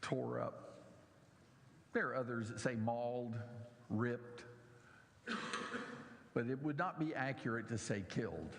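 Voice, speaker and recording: A man's voice: mid-range voice, slow, long pauses, big-room sound, a little hiss or hum. A middle-aged man preaching a sermon in a church, animatedly mocking the scoffers in his story.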